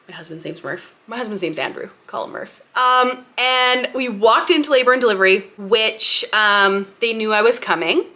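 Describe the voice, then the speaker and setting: A woman's voice: medium pitch, pushed and bright. A young woman vlogger telling a personal story to camera in a chatty, candid way, laughing often and acting out what people said. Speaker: lifestyle vlogger.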